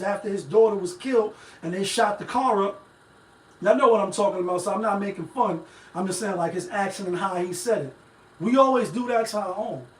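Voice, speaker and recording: A man hosting a live-stream talk show, rambling in casual, profane commentary straight to his viewers. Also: high-pitched. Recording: echoey room, mic at a distance.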